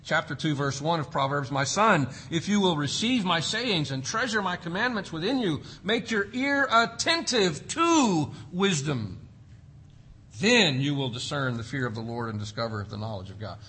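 A man preaching a sermon, swinging between loud emphasis and hushed, quiet drops. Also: fairly high pitch, animated, moderate pace, slightly rough. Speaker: pastor.

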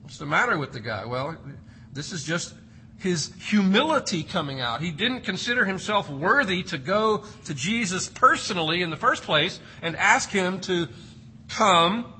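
A man's voice: high voice, big pitch swings, moderate pace, sharp tone, slight background noise, rough recording. A man preaching an expository sermon, reading scripture and explaining it with emphatic, varied delivery. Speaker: pastor.

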